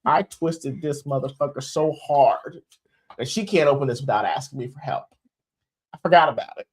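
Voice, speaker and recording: Casting: young man, middle-pitched voice, casual storyteller, lots of restarts. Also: animated, moderate pace, background noise. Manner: rambling, joking, with many restarts and laughs. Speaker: co-host, expectant father. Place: home livestream.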